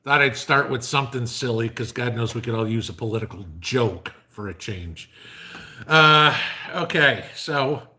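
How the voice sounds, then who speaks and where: A man hosts a casual livestream at a slightly slow pace, his medium-pitched voice sounding pushed and bright. He tells jokes while rambling along with plenty of fillers.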